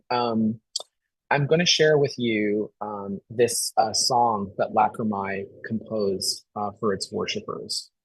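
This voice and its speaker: A man giving an online presentation, casual with fillers, slowing down to read a passage aloud. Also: lowish voice, slightly rough, dry recording, low-quality recording. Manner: casual with frequent fillers, slow measured reading. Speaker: artist presenter. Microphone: online video call.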